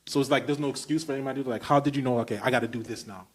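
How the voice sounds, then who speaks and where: A man's voice: medium pitch, steady tone, very fast. Brooklyn guy hosting a podcast, hyped, keeps stacking questions, regular middle voice. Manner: emphatic, enthusiastic, piling up run-on questions. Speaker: podcast host. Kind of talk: casual podcast conversation.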